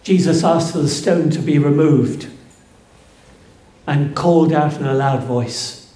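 A man preaching a sermon, slow and emphatic, building to fervent peaks. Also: a little high, dark tone. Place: church. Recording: echoey church room.

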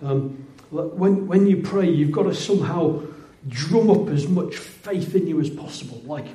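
A man's voice: a little high, a little slow, mellow. A man preaching a sermon in a conversational way, often repeating words and restarting phrases. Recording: roomy echoing hall.

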